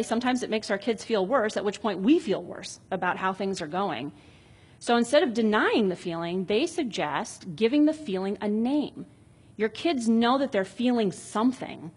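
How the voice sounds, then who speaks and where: A woman in her thirties gives parenting advice in a relaxed, casual, explanatory manner, with a husky, breathy voice at a middle pitch for a woman. She often reads short example dialogues aloud in a reflective, conversational tone.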